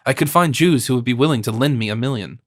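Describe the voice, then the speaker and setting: A man's voice: mid-range voice, quick pace, dry recording, studio quality, close to an everyday voice. A man playing a proud, earnest young king. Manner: haughty yet pleading.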